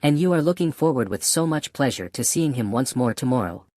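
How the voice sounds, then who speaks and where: A man's voice: medium pitch, expressive, fairly quick, a little mellow, no echo, studio quality, natural voice. A man reading the part of an eager, amiable revolutionary woman. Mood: amused.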